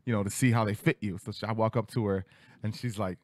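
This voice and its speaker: A man in his thirties telling a childhood story on a radio talk show, acting out voices with big jumps in pitch. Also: quick pace, no echo, clean studio sound. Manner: animated, acts out quotes with big pitch jumps. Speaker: podcast host. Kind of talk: casual storytelling. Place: studio.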